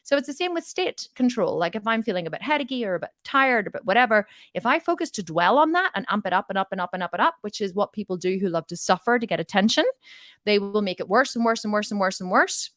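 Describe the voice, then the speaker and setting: A woman's voice: medium pitch, expressive, quick pace, a bit bright, no echo, studio quality. A woman coaching on mindset in a casual, frank way, telling stories and acting out both sides of conversations.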